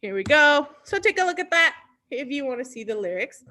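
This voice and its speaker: Cheery lady running kids storytime over a video call, sings along, high voice. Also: very animated, brisk, sharp tone. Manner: cheerful, sings along, mixes in Spanish words. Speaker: library storytime host. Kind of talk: children's storytime with songs.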